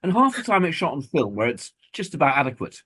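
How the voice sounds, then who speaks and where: Husky man, lively sardonic chat. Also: on the high side, fast talker. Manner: sardonic, jokey, swears. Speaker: podcast co-host. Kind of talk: casual chat.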